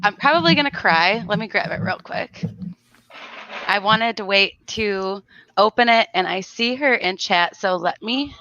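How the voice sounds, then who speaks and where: A woman's voice: medium pitch, lively intonation, measured pace, bright, forceful tone, muffled recording, slight background noise. Chatty woman hosting a livestream. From South Florida. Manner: chatty, greets viewers by name. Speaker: livestream host. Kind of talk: casual livestream chat.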